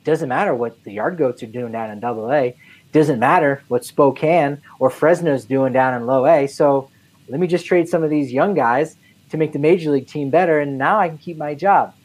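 A woman's voice: low-pitched, normal speed, a little mellow, low-quality recording. A woman co-hosting a casual sports talk show, rambling and conversational with lots of fillers. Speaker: podcast co-host.

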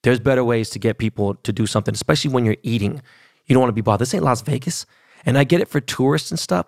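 A man's voice: medium pitch, quick pace, vocal fry, no room sound, clean studio sound. A man, hosting a podcast and telling a story in a casual, profane, slangy rant. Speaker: podcast host.

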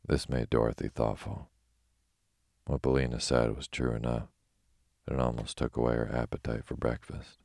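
A man reading a bedtime story in a very deep, gravelly voice. He keeps a flat, even delivery meant to lull listeners to sleep. The recording is dry and close. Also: no echo. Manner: calm, slow and soothing.

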